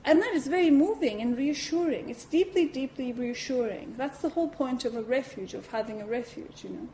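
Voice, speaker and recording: A woman giving a talk at a Buddhist centre, telling a personal story in a lively way, acting out her reactions and saying "you know" often. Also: high-pitched, fairly quick, slight background noise, poor audio.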